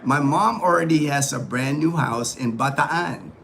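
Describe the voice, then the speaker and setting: Filipino guy chatting on a livestream, lots of you know and uh, kinda high pitched, bit of hiss behind. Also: a little slow, gravelly, a bit bright. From Philippines. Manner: rambling, many fillers and restarts. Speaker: livestream host. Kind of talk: casual livestream chat reading comments.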